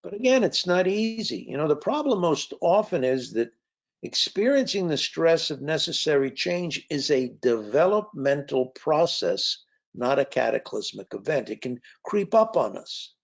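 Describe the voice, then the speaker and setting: A man's voice: on the high side, big pitch swings, moderate pace, creaky. A man and author giving a conversational talk, telling anecdotes with frequent fillers. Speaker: author and speaker. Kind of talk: storytelling talk. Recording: dull lo-fi recording.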